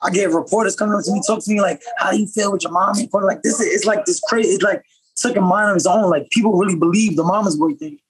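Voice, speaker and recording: A professional boxer from upstate New York, appearing as a podcast guest, tells a story quickly and loosely, using a lot of slang. His voice is high for a man with a husky grain, his delivery is animated, and the audio quality is poor.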